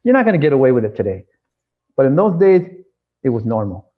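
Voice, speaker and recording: A man being interviewed, telling his story with animated energy and acting out the lines of others. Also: medium pitch, fast, phone-quality sound. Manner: acts out dialogue, frequent restarts.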